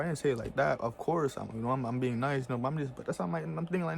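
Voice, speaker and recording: A man speaks very fast in a creaky, mid-range voice, with a little hiss or hum on the recording. He's vlogging a heated, casual rant heavy with profane slang, constantly dropping "bro" and "you know what I'm saying."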